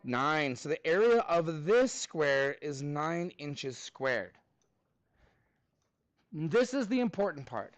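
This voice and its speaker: A man's voice: on the high side, sing-song, slow, no room sound, dull audio. A man teaching a math class, upbeat and prompting students for answers.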